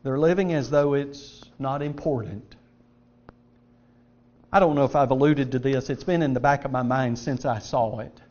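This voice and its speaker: A man's voice: mid-range voice, normal speed. A middle-aged man preaching an emphatic, earnest sermon, reading scripture aloud. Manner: earnest, emphatic preaching with varied loudness and pace. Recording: dull lo-fi sound.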